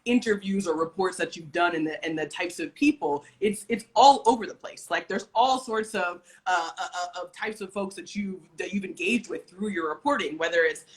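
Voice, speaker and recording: A woman's voice: on the low side, normal speed, hardly any pauses. A woman hosting an interview, asking long rambling questions full of fillers. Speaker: interview host. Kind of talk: casual interview chat.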